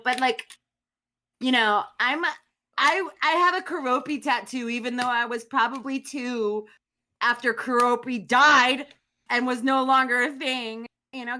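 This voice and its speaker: Woman co-host, sharp bright tone, slightly high; sarcastic, rambling, swears. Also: slight background noise. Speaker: podcast co-host. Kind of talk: casual podcast chat.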